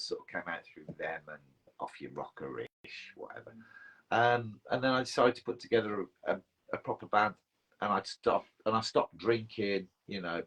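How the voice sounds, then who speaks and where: A man's voice: lowish voice, a bit bright, poor audio. A middle-aged man, a band frontman, telling rambling self-mocking stories and swearing freely in casual livestream chat. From England.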